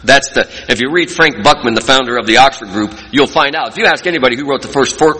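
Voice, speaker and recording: A man's voice: medium pitch, quick pace, hardly any pauses, sharp tone, breathy edge. A man sharing his recovery story in an earnest, folksy storytelling way at a meeting. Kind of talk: personal testimony talk. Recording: long hall reverb.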